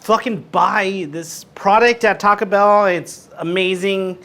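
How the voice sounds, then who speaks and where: A man's voice: high voice, fairly even intonation, takes it slowly, very noisy. A man hosting a casual cooking vlog at home, a bit drunk, swearing loosely and ranting at his camera. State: tipsy from drinking. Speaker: cooking show host.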